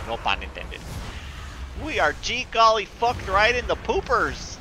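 A man giving live commentary while playing an online game, cursing often and swinging between frantic outbursts and low muttering. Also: wildly swooping pitch, slow, long pauses, bright, forceful tone, slight background noise. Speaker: gaming streamer.

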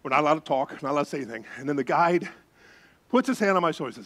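Guy pastor preaching, bit high voice, spins a story and goes all hushed at the tense parts. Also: fast talker. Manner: animated storyteller, drops into hushed tones for suspense. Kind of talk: sermon storytelling.

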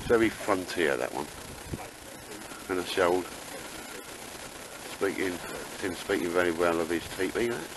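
A deep-voiced man rambling cheerfully at a campsite, with a light hiss of open air around him. He talks in easy slang while filming on a handheld camera. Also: a little slow, pauses often. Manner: chatty, banter-heavy, British slang. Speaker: camping vlogger. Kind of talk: casual chat while camping. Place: campsite outdoors.

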